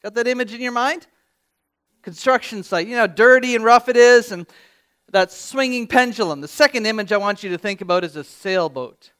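Pastor with a high, clear voice. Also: male voice, fairly quick, fairly bright tone. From Canada. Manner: conversational, with restarts and direct questions to the congregation. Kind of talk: sermon.

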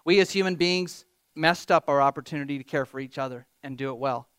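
A man preaching a sermon as pastor, animated, reading scripture with rising emphasis and joking about himself. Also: fairly high pitch, fairly quick, clean tone, no room sound. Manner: animated, quotes scripture with rising emphasis, self-deprecating humor.

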